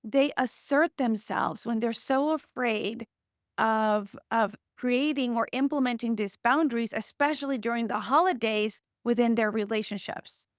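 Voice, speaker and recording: A woman's voice: fairly high pitch, unhurried, no echo, studio quality. A woman hosting a casual podcast conversation, earnest and encouraging as she affirms her guest. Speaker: podcast host.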